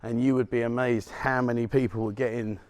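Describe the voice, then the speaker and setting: A man's voice: mid-range voice, flat delivery, a little fast. A middle-aged man, a vlogger, chatting and joking as he walks outdoors along a city street at dawn, recorded on a handheld camera. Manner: chatty, joking, chuckles at his own remarks. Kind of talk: walk-and-talk street vlog.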